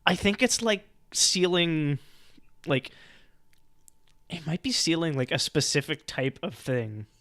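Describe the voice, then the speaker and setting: A man's voice: a little high, expressive, a bit bright, dry recording, clean studio sound. A man playing a tabletop role-playing game, chatting casually with frequent fillers and restarts. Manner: chatty, halting, laughing often. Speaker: player.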